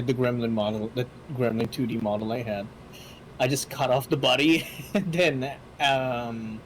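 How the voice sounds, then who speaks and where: A man guesting on a stream, joking and chatting with frequent laughs and halting restarts on a desk mic. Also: mid-range voice, slight background noise, rough recording. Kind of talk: casual stream chat.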